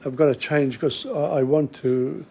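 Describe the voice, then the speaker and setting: A man hosting a live-streamed literature lesson, speaking casually, often pausing mid-sentence to search for words. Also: a little high, vocal fry, dark tone, breathy edge. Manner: switches between English and Italian.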